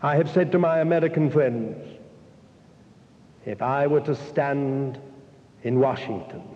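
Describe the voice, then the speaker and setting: A man's voice: on the high side, dark tone. A man preaching a sermon, speaking to his listeners directly and building long repeated lists. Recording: dull, echoey hall recording.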